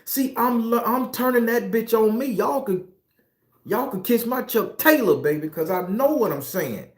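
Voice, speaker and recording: A man's voice: very high voice, lively intonation, unhurried. A middle-aged man with a Southern US accent, a tarot reader giving a preachy, profane and confessional spiritual monologue. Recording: echoey room.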